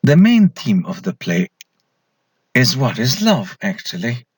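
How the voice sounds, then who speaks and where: A man's voice: medium pitch, huge pitch swings, measured pace, a little mellow, husky, no room sound. A man giving a recorded slide lecture as an English lecturer, posing questions to students and then answering them himself.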